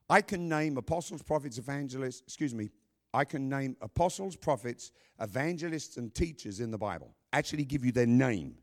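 A male pastor preaching a sermon, emphatic and conversational, breaking off for joking asides to his congregation. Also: mid-range voice.

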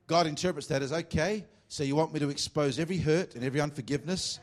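Jokey preaching man, teasing his congregation. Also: on the high side. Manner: reads scripture slowly and deliberately. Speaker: pastor. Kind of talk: sermon.

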